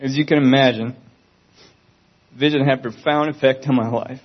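A man's spoken Christian testimony comes across earnest and pleading, in a steady tone at normal speed. His voice sits at a usual male pitch, and the audio is dull and lo-fi.

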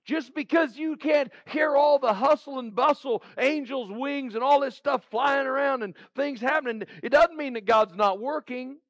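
A man's voice: extremely high pitch, moderate pace, few pauses, a bit bright, dry recording, highs cut off. A male pastor giving a heartfelt sermon who repeats his phrases for emphasis. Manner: heartfelt, pleading preaching.

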